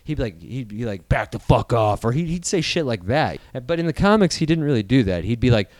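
A man's voice: mid-range voice, quick pace, dry recording. A young man hosting a podcast, talking casually and rambling through stories with plenty of swearing. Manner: profane, rambling, animated storytelling. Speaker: podcast host. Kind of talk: casual chat.

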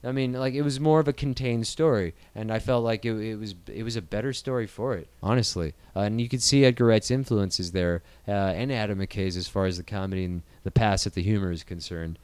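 Smooth-voiced, profane young podcast host. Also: male voice, on the low side, brisk, few pauses, no echo. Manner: profane, rambling, animated storytelling. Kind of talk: casual chat.

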